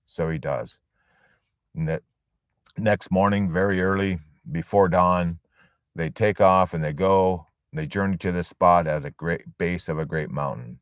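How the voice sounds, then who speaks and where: A man delivers a storytelling sermon to a support group in a very low voice. He builds his points with emphatic phrasing and long dramatic pauses. The recording is dry and close. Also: no echo.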